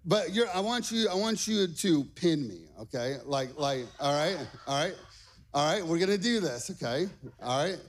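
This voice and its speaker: A middle-aged man pastor preaching a lively sermon to a congregation, energetic and repeating "okay?" and "all right" often. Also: fairly high pitch, normal speed. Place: church stage before a congregation.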